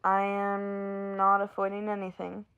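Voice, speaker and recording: A woman reading aloud and voicing a stubborn man who denies avoiding someone, with flat, clipped replies. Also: medium pitch, measured pace, clean tone, dull audio. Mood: defensive. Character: defensive stubborn guy dodging a talk. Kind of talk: amateur story read-aloud.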